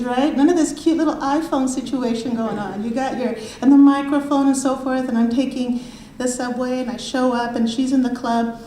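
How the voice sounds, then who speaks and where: A middle-aged woman speaks fairly high with a mellow, unforced tone, presenting her book at a library talk. She tells her story with animation and slips into the voices of the people she quotes. The room rings with echo and a faint hum of ambience sits behind her. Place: university library event room.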